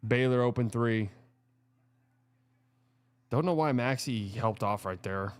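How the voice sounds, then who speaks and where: A man hosting a live watch party, reacting excitably to plays and chatting between them. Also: mid-range voice, slow pace, clear, resonant tone. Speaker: show host.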